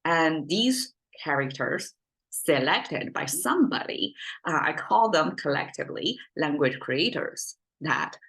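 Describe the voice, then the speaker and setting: A woman's voice: deep voice, expressive, unhurried, gravelly, a bit bright. A Chinese-born woman with a Chinese accent, a language teacher explaining her native tongue off the cuff, thinking aloud with frequent fillers and restarts. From China. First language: Mandarin Chinese. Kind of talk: unscripted explanatory lesson.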